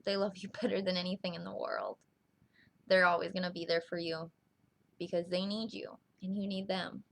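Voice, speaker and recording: A young woman vlogging straight to the camera in an earnest, reassuring way, speaking slowly with small restarts. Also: on the low side, flat delivery, gravelly, a bit bright. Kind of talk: heartfelt direct-to-camera vlog.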